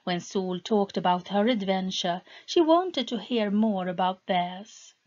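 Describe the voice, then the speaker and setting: A woman reading a fantasy novel aloud as scripted narration, in a measured way. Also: mid-range voice, lively intonation, a little mellow, lo-fi sound. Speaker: audiobook reader.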